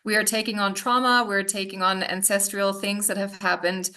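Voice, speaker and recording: A hypnotherapist and healer joins a casual podcast chat as a guest, speaking confidently and emphatically and laughing easily. Her medium-pitched voice is level, pushed and bright at a moderate pace.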